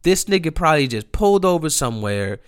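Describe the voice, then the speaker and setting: A man with a fairly high, smooth voice talks fast through a rambling, profane story in a casual monologue. He's animated and mimics his friends' lines as quotes.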